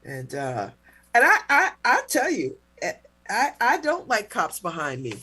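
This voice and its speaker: A middle-aged woman hosting a talk show, telling a personal story in a casual, animated way, with mock-indignant retellings. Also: medium pitch, measured pace, breathy edge. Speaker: radio talk show host.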